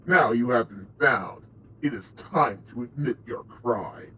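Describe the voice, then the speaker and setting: A man's voice: mid-range voice, measured pace, pitched below the performer's own voice, natural voice. A man voicing a big, menacing foreign officer with a put-on accent and broken grammar, on a dull lo-fi mic. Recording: dull lo-fi mic with faint room noise.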